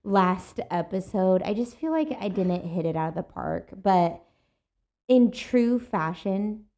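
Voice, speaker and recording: A woman co-hosting a casual faith chat show, telling stories in a chatty, animated way with lots of fillers. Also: mid-range voice, slow pace. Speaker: podcast co-host.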